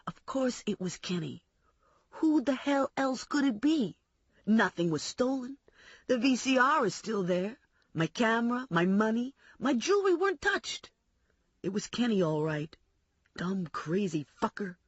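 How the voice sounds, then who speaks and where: A woman voicing a crude, foul-mouthed, sleazy young man who rants and swears, with a husky voice. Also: fairly high pitch, big pitch swings, a little slow, dry recording, muffled recording, heavily acted. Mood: ranting. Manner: agitated, swearing, ranting.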